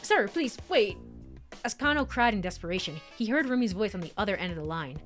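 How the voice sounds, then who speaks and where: A woman's voice: mid-range voice, quick pace, soft background music. A woman streamer narrating a story game and reacting between lines with giggles. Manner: giggly, animated, reads text then reacts. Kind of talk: let's play narration and commentary.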